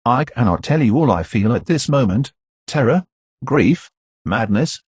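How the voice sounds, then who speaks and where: A man's voice: medium pitch, lively intonation, measured pace, breathy edge, no room sound. A man voicing a shaken male magistrate who exclaims in horror and distress. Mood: distraught. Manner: agitated, exclaiming.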